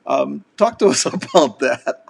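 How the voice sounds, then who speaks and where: A man's voice: mid-range voice, expressive, measured pace, creaky, breathy edge. A man hosting a casual interview, teasing his guest and laughing often. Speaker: host.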